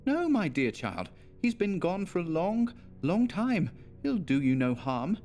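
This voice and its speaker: A tender, soothing mother, as a male storyteller puts her on, pitched high and a little louder than his narration. She comforts gently in a storybook reading. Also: big pitch swings, unhurried, soft background music, full character voice.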